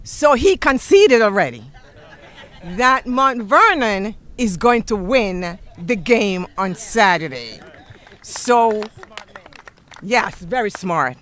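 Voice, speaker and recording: A woman school superintendent speaks at a ceremony on an outdoor field, with a lively, joking manner. She talks straight to the crowd. Her voice is bright and edged. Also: mid-range voice, extremely slow, pauses often. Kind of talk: ceremony speech.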